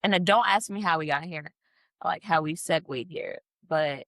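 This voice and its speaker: A fairly low-pitched, fairly bright voice at normal speed belongs to a twenty-something woman hosting a solo podcast on camera, recorded dry in a studio. She rambles casually into her mic and makes fun of herself.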